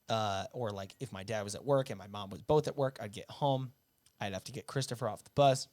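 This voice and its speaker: A man from upstate New York telling family stories as a guest musician, relaxed, laughing often and swearing freely. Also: on the low side, brisk, no room sound. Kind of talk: casual storytelling.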